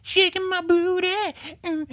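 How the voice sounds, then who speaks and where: A man voicing his own hand as a cheeky, squeaky little male figure that teases and sasses back. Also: level tone, normal speed, a bit bright. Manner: high squeaky, sassy and teasing.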